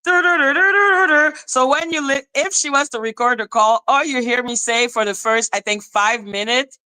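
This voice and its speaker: A woman hosting a podcast, telling a story in casual chat, excitable and animated, swearing and laughing as she retells it. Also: high voice, measured pace, rough recording. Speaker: podcast host.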